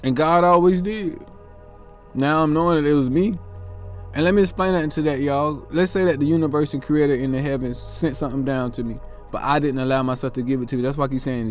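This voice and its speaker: A man's voice: fairly high pitch, darkish tone. Earnest man musing aloud over music. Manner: earnest, self-questioning, drawn-out musing. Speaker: host. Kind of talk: reflective motivational monologue.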